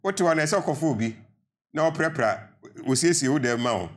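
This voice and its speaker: A man's voice: fairly high pitch, lively intonation, moderate pace. An older man with a Ghanaian accent, a pensioner guest in a studio panel debate, arguing earnestly and rising to emphatic appeals.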